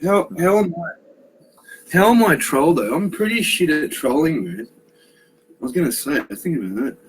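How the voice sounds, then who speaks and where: A man's voice: fairly high pitch, lively intonation, normal speed, slight background noise, poor audio. A man, talking in a brash, profane, joking way in a casual online hangout. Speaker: chat participant.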